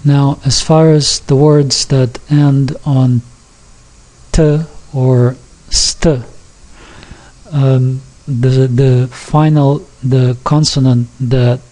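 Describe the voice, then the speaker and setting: A man's voice: medium pitch, mellow. A man giving an informal recorded lesson, reading from a textbook and explaining pronunciation with many fillers and restarts, sounding out example words carefully. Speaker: Yiddish teacher.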